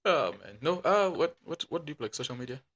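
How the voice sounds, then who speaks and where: A man's voice: a little high, sing-song, fast, fairly bright tone. A man with a Kenyan accent, a guest producer on a podcast, chatting casually in a teasing, jokey way.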